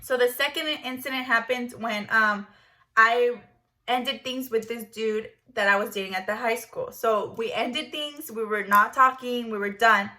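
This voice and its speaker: Bright-voiced young woman telling a story. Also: fairly high pitch, a little slow. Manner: stuttering, blunt, swears a lot. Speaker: vlogger. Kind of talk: storytime vlog.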